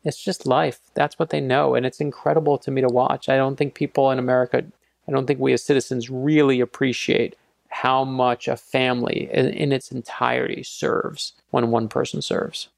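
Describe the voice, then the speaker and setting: A man's voice: medium pitch, moderate pace, gravelly, no room sound. A middle-aged man, an author, telling stories in an interview and acting out the dialogue with energy. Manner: animated storyteller acting out dialogue. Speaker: author guest. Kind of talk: storytelling interview answers.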